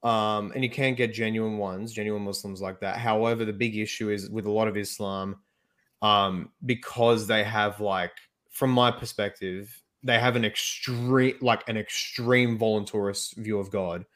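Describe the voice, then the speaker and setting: A man's voice: fairly low pitch, steady tone, normal speed, a bit bright. A man giving his views emphatically in a casual group discussion. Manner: opinionated, emphatic.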